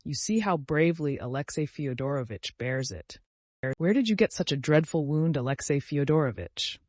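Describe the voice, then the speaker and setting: A man's voice: a little high, expressive, normal speed, a little mellow, no echo, close to an everyday voice. A man doing a fretful, gushing mother. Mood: fussing. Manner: effusive and overwrought. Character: fretful, gushing middle-aged mother, easily upset. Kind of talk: audiobook character reading.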